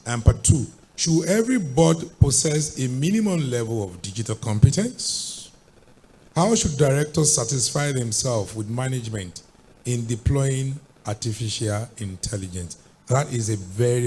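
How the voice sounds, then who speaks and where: A man moderating a panel, posing long, rambling multi-part questions in an animated way. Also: mid-range voice, slight background noise.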